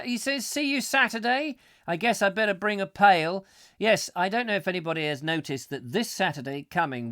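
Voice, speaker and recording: A middle-aged Englishman hosts a comic live show, reading out viewer comments and wandering off into playful, mock-gruesome asides. His voice sits a touch high for a man. The sound is close and dry. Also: no echo. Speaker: host.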